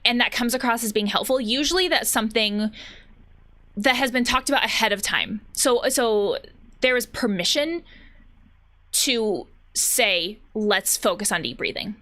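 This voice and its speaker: This therapist's medium-pitched voice sounds pushed and bright as she discusses anxiety over gameplay. She's chatty and considered at once, often restarting sentences and using plenty of fillers.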